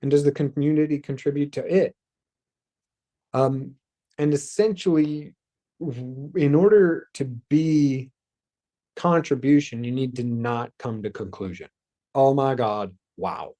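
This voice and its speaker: Mellow-voiced man giving a spiritual talk. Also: mid-range voice, unhurried. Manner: loose, rambling, with sighs and whispered asides. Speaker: host. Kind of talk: spiritual self-help talk.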